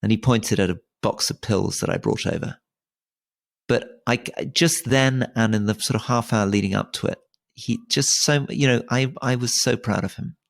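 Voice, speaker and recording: A man's voice: medium pitch, normal speed, vocal fry. A man in his forties from Britain, co-hosting a casual conversation and often stammering and restarting his words. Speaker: podcast co-host.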